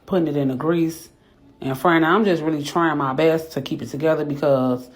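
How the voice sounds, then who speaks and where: A woman, a mother recording a rambling, emotional confessional vlog at home, teary from crying and talking herself through her morning out loud. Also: deep voice, steady tone, normal speed. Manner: rambling, talks to herself aloud. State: teary, has been crying. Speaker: vlogger, mother. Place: home bathroom and kitchen.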